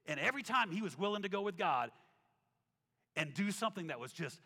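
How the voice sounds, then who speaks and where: Lively, bright-voiced pastor preaching. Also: male voice, sits high, fairly quick, pauses often. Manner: animated storytelling, acts out quotes, drops to soft tones for scripture. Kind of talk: sermon. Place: church sanctuary. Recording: reverberant hall with soft instrumental music.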